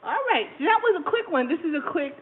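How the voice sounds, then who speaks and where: A woman's voice: high-pitched, sing-song, quick pace. Chatty woman cooking on a tinny stream. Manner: chatty, laughs often, talks to viewers while cooking. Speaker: cooking channel host. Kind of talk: casual cooking livestream chat. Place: home kitchen. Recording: tinny phone-like audio with faint noise.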